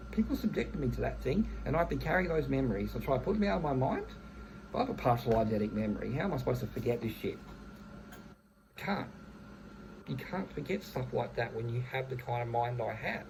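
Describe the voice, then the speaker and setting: A man's voice: mid-range voice, gravelly, noisy background. A man, venting bluntly in a casual monologue, swearing heavily and often restarting his phrases. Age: 30s. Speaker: vlogger.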